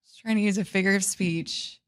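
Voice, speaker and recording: A woman's voice: medium pitch, smooth. A woman co-hosting a podcast in casual, self-mocking chat. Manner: joking, self-mocking, quick asides. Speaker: podcast co-host.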